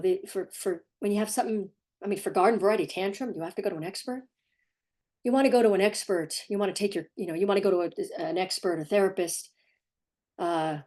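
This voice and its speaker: A woman's voice: lowish voice, a little mellow. A middle-aged woman who works as a parenting coach, giving firm, emphatic advice straight to the camera and often repeating herself. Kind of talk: direct-to-camera advice talk.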